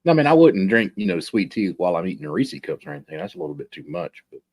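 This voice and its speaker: Male co-host, low voice, lively swooping pitch, playful banter. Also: quick pace, gravelly. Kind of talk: casual chat.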